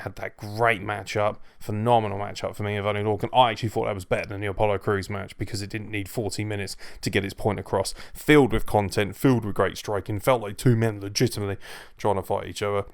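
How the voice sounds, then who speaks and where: A man rants through a casual review in a blunt, sweary, emphatic way. His voice has a gravelly edge but stays smooth and resonant underneath. It is recorded close and dry, with no room sound. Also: lowish voice, no room sound. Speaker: wrestling show reviewer.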